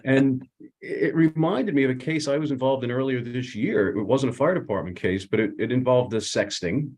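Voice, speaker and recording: A man's voice: medium pitch, a little fast, darkish tone, slightly rough. A man, an attorney co-hosting a casual legal discussion, talking conversationally with many fillers. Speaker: attorney and co-host.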